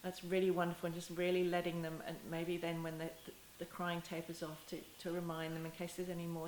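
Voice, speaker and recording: A woman teaching parents in a gentle, unhurried way, often restarting her phrases and softly acting out apologies to a child. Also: fairly low pitch, monotone. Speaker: parenting educator. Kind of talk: talking-head teaching video. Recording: echoey room with faint hiss.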